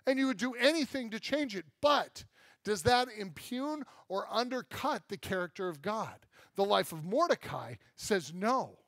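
Male pastor, higher-pitched, animated and self-deprecating, dry close sound. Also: moderate pace, no room sound. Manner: animated, self-deprecating humor, rhetorical questions. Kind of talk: sermon. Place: church.

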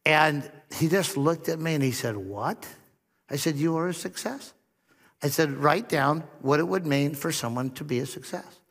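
A man's voice: on the high side, normal speed, hardly any pauses. Man, pastor, sermon, middle-aged, storytelling, long reverb from a church hall. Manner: storytelling with humor and soft-spoken quoted dialogue.

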